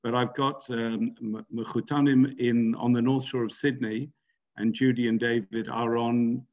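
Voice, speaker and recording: A rabbi from Britain speaking on a video call, chatty and personal, with some restarts. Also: male voice, mid-range voice, flat delivery, moderate pace, a little mellow, highs cut off. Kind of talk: speaking to a joint congregation event on a video call.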